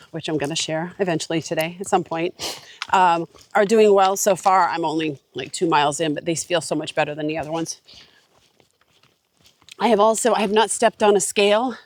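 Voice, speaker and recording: A woman with a congested voice, chatting casually and rambling with many fillers while vlogging on an outdoor forest trail. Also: lowish voice. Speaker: hiking vlogger. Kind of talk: casual vlog talk while hiking.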